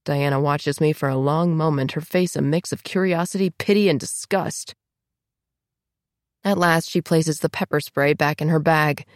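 Female audiobook narrator, low voice, tense emotional first-person read, dry close mic. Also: fairly even intonation, normal speed, dry recording.

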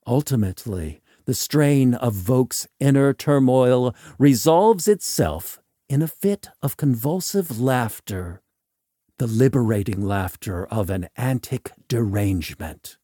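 A man narrating a scripted horror story in a measured, ominous way. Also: medium pitch, expressive, warm tone, no echo, clean studio sound.

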